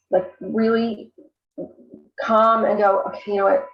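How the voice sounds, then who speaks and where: An earnest, candid woman talks as a guest on a podcast. Her voice sits at an ordinary pitch. The sound is roomy and a little dull, like remote audio caught in an echoey room. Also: flat delivery, a little slow. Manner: earnest, candid, fillers like "you know". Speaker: guest, coach for abuse survivors. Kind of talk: casual podcast conversation.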